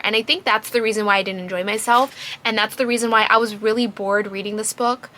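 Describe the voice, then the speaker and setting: Bright, expressive woman reviewing a book. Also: fairly high pitch. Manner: expressive, emphatic, quick to laugh at the book. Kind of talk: casual book review vlog.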